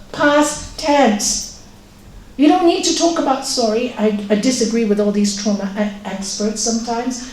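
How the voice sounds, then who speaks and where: A woman's voice: fairly high pitch, darkish tone. A woman giving an informal spiritual talk to an audience. She speaks earnestly and directly, often asking her listeners questions. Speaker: spiritual teacher. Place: yoga centre room with an audience. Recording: roomy, distant mic with faint noise.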